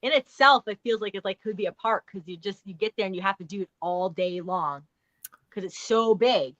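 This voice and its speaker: A woman guest in a casual chat, talking in a relaxed way and often trailing off. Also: mid-range voice, a little fast, dry recording, lo-fi sound. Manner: relaxed, laughs easily, trails off.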